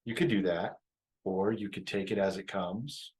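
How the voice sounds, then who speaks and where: Low-voiced man coaching couples. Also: moderate pace, poor audio. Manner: warm, reflective, repeats phrases, laughs easily. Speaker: relationship coach. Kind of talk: relaxed live-stream teaching talk.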